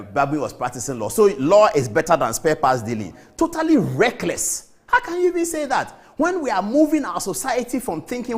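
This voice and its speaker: A man with a Ghanaian accent hosting a TV commentary show, impassioned and emphatic, hammering his points with repetition. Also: sits high. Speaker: TV show host. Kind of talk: studio commentary.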